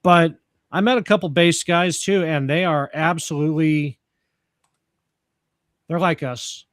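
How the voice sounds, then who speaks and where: A man's voice: fairly high pitch, a little slow, fairly bright tone, no room sound. A man hosting a casual chat, rambling and joking with the odd curse word.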